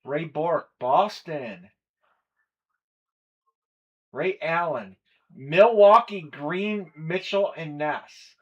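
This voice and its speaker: A man's voice: on the high side, drawn-out words, long pauses, lo-fi sound. A man hosting a live collectibles stream, chatting casually and running through a list of players and teams. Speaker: stream host. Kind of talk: live breaking stream chat.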